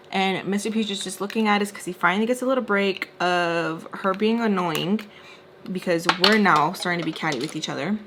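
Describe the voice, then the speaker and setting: Animated young woman telling a story. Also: a little fast, heavy background noise. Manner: animated, acts out quotes with shifting pitch and whispers. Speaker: storytime vlogger. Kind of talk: casual storytelling while doing makeup.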